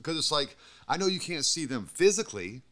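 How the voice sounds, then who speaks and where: A man's voice: a little high, very animated, brisk, crowd noise. A man hosting a podcast and chatting casually, swearing freely and laughing often as he tells stories. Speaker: podcast host and radio DJ. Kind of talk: casual chat.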